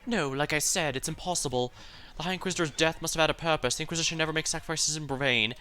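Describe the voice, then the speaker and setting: A man performing an earnest young woman inquisitor, raised high above his usual register and delivered with a put-on accent. She bursts out in urgent disbelief, bright and sharp in tone. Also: fast, soft background music. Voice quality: put-on accent, higher pitched.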